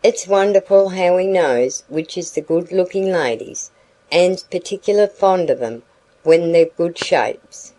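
A woman voicing a cheeky young male peddler who flatters in rustic dialect, in an audiobook reading. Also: fairly low pitch, unhurried, rough recording. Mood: flattering.

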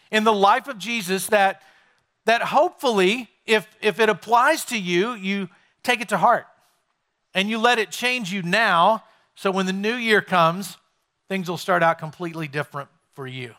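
A male pastor delivers a sermon with a raised, ringing voice. He talks to the congregation as if chatting with them, tossing out questions along the way. His tone stays bright and clear. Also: high-pitched, moderate pace. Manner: conversational, asks the congregation questions.

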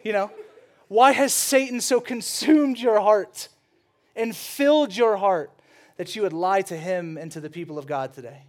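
A man acting out an indignant apostle who loudly scolds a lying man with slow, drawn-out accusing questions. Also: sits high.

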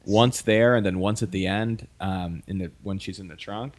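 A man's voice: low voice, moderate pace. A man co-hosting a podcast, joking around in casual chat and acting out lines from the show. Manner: joking, animated, acts out quotes. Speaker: podcast co-host. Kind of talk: casual chat recapping a TV episode.

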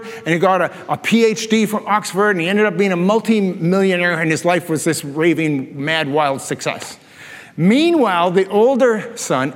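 A man preaching a sermon, telling animated stories and laughing at his own jokes. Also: sits high. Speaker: pastor. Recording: long reverb of a large hall.

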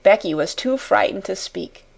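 A woman narrating an audiobook chapter in a measured, unhurried reading. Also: medium pitch, animated, vocal fry. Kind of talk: scripted storybook narration.

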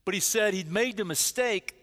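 High bright-voiced guy preaching, acts out the characters, church hall reverb. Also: moderate pace. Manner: animated storyteller, acting out quoted voices. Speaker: pastor. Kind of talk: sermon.

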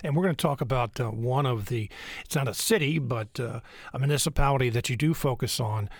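A man hosting a radio talk show and interviewing guests, halting with frequent fillers. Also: medium pitch, no echo, studio quality.

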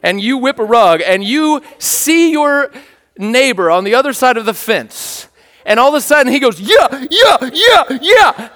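A man's voice: very high-pitched, normal speed, in a large hall. A man preaching a sermon, telling a story in a playful, joking way and checking in with his listeners. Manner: animated, playful, joking with the congregation. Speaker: pastor.

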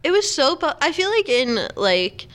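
A woman's voice: high-pitched, big pitch swings, normal speed, a bit bright. A woman co-hosting a podcast, chatting casually and filling her speech with "like". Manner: chatty, many fillers like "like". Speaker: podcast co-host. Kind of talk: casual chat.

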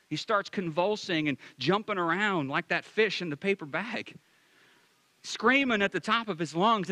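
A man's voice: high-pitched, pushed and bright, dry recording. A male pastor preaching a sermon with emphasis, repeating his key phrases.

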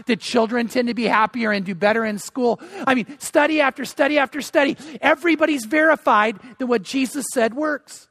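A man's voice: very high-pitched, a bit bright, dry recording, studio quality. An older man preaching a sermon as pastor, earnest and emphatic, often repeating words as he restarts.

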